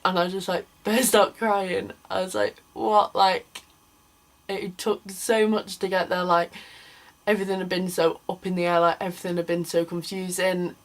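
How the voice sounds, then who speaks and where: A woman's voice: lowish voice, level tone, normal speed, low-quality recording. Chatty young woman. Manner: chatty, lots of "like", acts out quoted people. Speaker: vlogger. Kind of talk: casual storytelling to camera.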